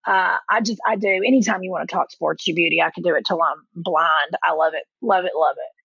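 A woman in her forties in casual chat, telling lively stories and acting out quotes in a higher voice. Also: brisk, creaky, breathy edge, no echo, muffled recording. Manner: animated storyteller, acts out quotes with a jump in pitch. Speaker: podcast guest.

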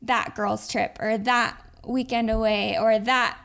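A woman's voice: on the high side, fairly even intonation, slow, gravelly, fairly bright tone. A woman co-hosting a podcast, talking in an earnest, reflective, heartfelt way. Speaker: podcast co-host. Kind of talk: casual heartfelt chat.

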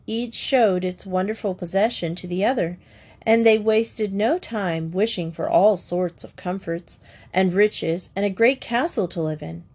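Woman reading a fairy tale aloud. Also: medium pitch. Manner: calm, measured, expressive storybook narration. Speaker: storyteller. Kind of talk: storybook reading of fairy tales.

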